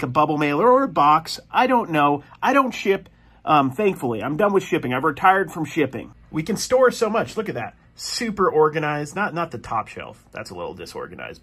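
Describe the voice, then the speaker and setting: A man hosting a podcast who gives casual, joking shoutouts and rambles as he cheers his listeners on. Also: fairly high pitch, breathy edge. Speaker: podcast host.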